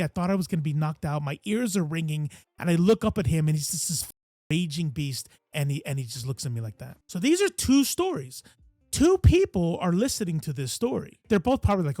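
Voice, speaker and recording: A man's voice: fairly high pitch, no echo. A man hosting a podcast, talking casually in a monologue, acting out quoted voices as he tells a story. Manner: animated storytelling, acts out quoted voices, swears. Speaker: podcast host.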